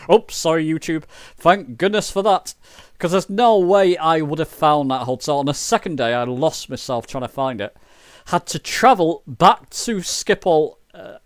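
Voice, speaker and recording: A man's voice: fairly high pitch, no echo. A man chatting loosely during a flight sim livestream, rambling and poking fun at himself. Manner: chatty, rambling, self-mocking. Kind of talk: casual livestream chat.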